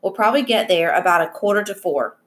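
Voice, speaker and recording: A woman's voice: medium pitch, lively intonation, fast talker, lightly acted. A woman reading aloud as an anxious, apologetic mother who fusses over her children. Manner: anxious, fussing.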